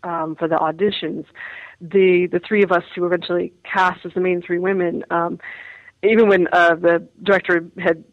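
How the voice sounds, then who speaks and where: A woman's voice: lowish voice, level tone, normal speed, dry recording, phone-quality sound. A woman, an actress, chatting in an interview, laughing often and restarting her words. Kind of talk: casual interview chat.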